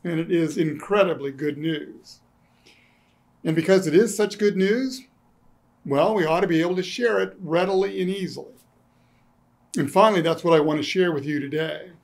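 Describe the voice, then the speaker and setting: A man's voice: on the high side, moderate pace, vocal fry, long pauses. Man preaching with dry humor. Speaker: pastor. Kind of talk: sermon. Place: church sanctuary.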